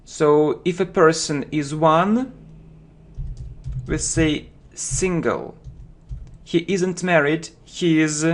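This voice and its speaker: A man teaching English vocabulary, speaking slowly and deliberately and repeating each word for learners. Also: on the high side. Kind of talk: slow vocabulary lesson with drills.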